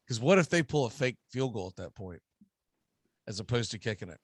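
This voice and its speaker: Brief: Southern US male radio host, animated and opinionated, dry studio. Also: medium pitch, fairly quick, dry recording. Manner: emphatic, animated, ranting. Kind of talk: casual sports talk.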